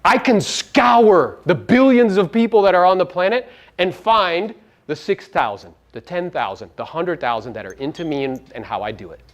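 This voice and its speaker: A man's voice: high voice, lively intonation, moderate pace. A man giving a live motivational seminar talk to real estate agents, brash and profane, firing rhetorical questions at the audience.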